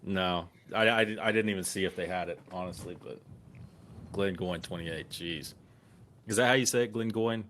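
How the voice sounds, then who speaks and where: A man co-hosting a casual podcast, telling a profane anecdote with lively acted-out quotes. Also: low voice, moderate pace, a little hiss or hum. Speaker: occasional co-host.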